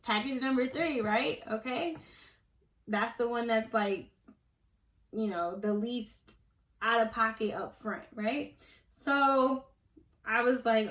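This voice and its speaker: Young woman ranting casually to camera, kinda high voice, gets fired up. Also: slow, long pauses, a bit bright, poor audio. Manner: conversational and passionate, rising to indignant outbursts. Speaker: vlogger. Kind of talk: casual opinion vlog.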